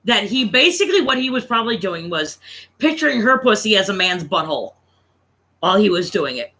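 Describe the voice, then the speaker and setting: A man's voice: sits high, sing-song, brisk, pushed and bright, low-quality recording. A man in his thirties, telling a casual, profane family story to his stream audience. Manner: profane, laughing anecdote-teller.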